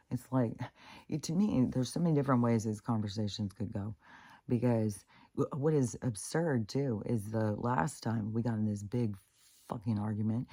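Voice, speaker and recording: A woman talks heatedly in a loose, rambling monologue, swearing freely and circling back on herself. Her voice is mellow and dark in tone. It is recorded close and dry, with no room sound. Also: extremely low pitch, dry recording. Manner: heated, profane venting; rambling, with restarts and laughs. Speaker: vlogger. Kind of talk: casual spoken monologue.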